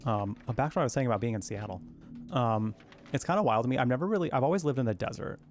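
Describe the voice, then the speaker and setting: A man's voice: medium pitch, lively intonation, racing, soft background music. A man from Arizona chatting casually while he plays a game, rambling and cooing at his cat now and then. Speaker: gaming streamer.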